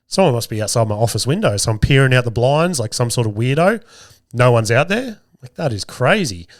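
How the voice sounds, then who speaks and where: A man hosts his podcast with a strained, sore throat, telling a long family anecdote. He rambles, swears freely and pokes fun at himself. The sound is dry and close, with a middling male pitch. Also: very animated, brisk, dry recording. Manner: rambling, profane, self-mocking. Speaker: podcast host. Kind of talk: casual storytelling monologue.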